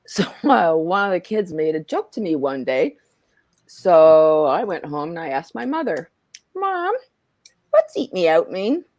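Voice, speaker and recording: Southern lady chatting, lots of laughs, lowish voice jumps all over, dry sound. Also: dry recording. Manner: loud laughing, animated storytelling. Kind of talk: casual chat.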